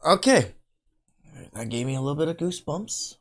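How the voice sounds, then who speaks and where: A man's voice: on the high side, expressive, normal speed, faint music behind. A man hosting a podcast, reacting casually to video clips.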